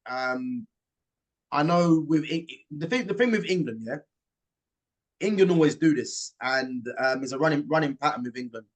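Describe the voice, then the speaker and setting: A man with a fairly high speaking pitch hosts a casual football chat. He argues his points in an emphatic, opinionated way. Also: expressive, normal speed. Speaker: host.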